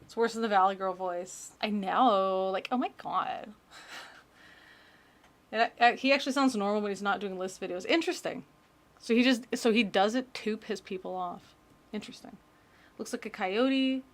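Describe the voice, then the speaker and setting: A woman's voice: mid-range voice, brisk. A woman streamer chatting casually and joking as she reacts to creepy videos. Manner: chatty, joking, rambling asides.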